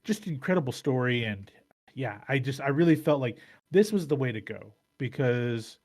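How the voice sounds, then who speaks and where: A man's voice: mid-range voice, lively intonation, normal speed, a little mellow. A man hosts a casual podcast, talking through his thoughts in long rambling runs. He restarts sentences often and swears freely. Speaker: podcast host.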